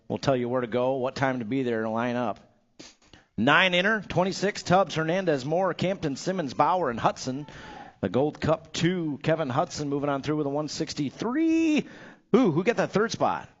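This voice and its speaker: Upbeat male race announcer, lo-fi sound. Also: a little high. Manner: upbeat, hypes riders with nicknames and jokes. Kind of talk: live race commentary.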